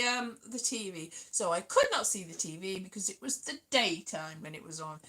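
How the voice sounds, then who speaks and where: Bright, high-voiced woman rambling playfully. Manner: rambling, playful, drifts into sing-song asides. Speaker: vlogger. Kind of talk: casual solo chat to camera.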